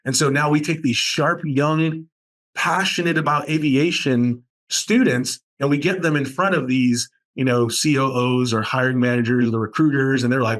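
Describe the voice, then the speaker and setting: A man from Boston, guest on a podcast interview, talking about his college aviation program with enthusiastic, animated storytelling. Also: medium pitch, moderate pace.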